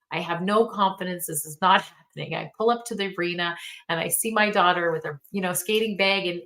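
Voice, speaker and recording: Middle-aged woman, mentorship coach, bright voice, earnest storytelling motivational talk. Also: lowish voice. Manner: earnest, storytelling, speaks straight to listeners.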